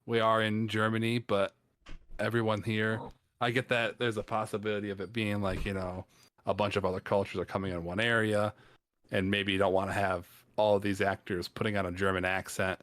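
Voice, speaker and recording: A man with a fairly low voice, recorded dry with no room echo. He shares film opinions in a casual chat, hedging and filling pauses with ums as he thinks. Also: little pitch movement, fairly bright tone. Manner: hesitant, lots of ums and hedging. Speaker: film podcast co-host.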